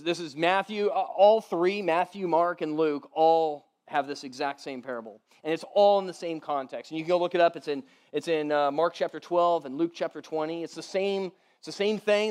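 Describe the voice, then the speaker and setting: A man's voice: on the high side, a little mellow, clean tone. A man giving a casual, conversational sermon as pastor. He repeats words as he goes, laughs lightly between points and keeps asking his listeners "right?".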